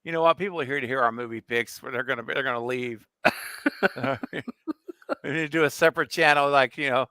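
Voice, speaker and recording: A man co-hosting a casual livestream chat, chiming in and reminiscing with animated energy. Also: mid-range voice, fairly quick, smooth, dry recording. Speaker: co-host.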